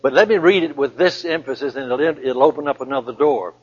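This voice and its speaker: A man preaching a sermon and reading scripture, repeating key phrases and slowing down to stress them. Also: mid-range voice, breathy edge. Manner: emphatic, repeats key phrases and slows down for emphasis. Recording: dull lo-fi recording in a reverberant hall.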